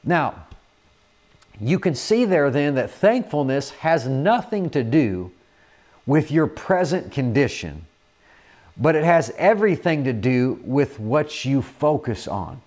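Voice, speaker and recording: A man preaching a sermon in an earnest manner, often repeating words and filling pauses with "uh". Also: mid-range voice, sing-song, a little mellow.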